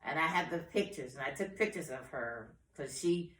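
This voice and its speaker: A middle-aged woman, the host's mother, calmly recounting family memories in casual conversation. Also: low-pitched, moderate pace. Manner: relaxed, agrees with short murmurs, recounts calmly. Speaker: mother of the host. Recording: echoey room, mic at a distance.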